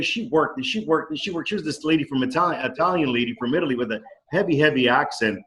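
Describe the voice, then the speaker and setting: A man's voice: a little high, lively intonation, fast, few pauses, fairly bright tone, rough recording. Enthusiastic man telling stories on a call. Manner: enthusiastic, acts out quoted dialogue. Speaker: company co-founder. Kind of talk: casual storytelling on a video call. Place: home dining room. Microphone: video call microphone.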